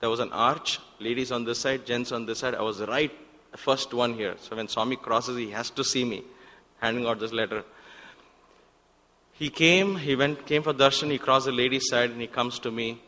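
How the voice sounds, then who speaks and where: A man, telling a personal story in a talk at a devotional center and acting out the exchanges in sudden loud bursts. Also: medium pitch, steady tone, moderate pace. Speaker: guest speaker at a spiritual center. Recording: long hall reverb.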